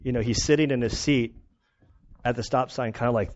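A male pastor preaching in a casual, storytelling way, animated and self-mocking, often laughing. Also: medium pitch, a little fast. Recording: dull lo-fi recording.

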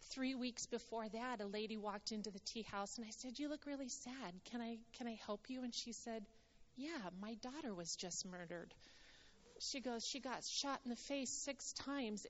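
A woman's voice: a little high, big-room sound, dull audio. A woman sharing a church testimony in an earnest, storytelling way, often quoting what others said. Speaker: ministry speaker sharing testimony.

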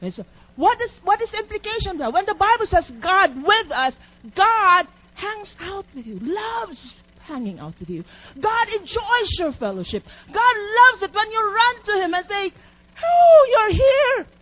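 A woman's voice: very high-pitched, big pitch swings, moderate pace, a little hiss or hum. A woman preaching a sermon in an emphatic, teacherly way, asking her listeners questions. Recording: dull lo-fi recording.

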